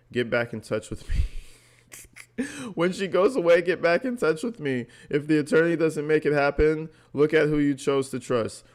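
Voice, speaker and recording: A man vlogging commentary, reading text messages aloud and reacting bluntly and sarcastically, swearing freely. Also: medium pitch.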